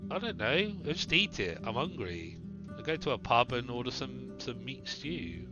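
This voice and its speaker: A man's voice: medium pitch, very animated, normal speed, lo-fi sound, over music. A man streaming a text game, reading the story aloud and making wry, chatty comments.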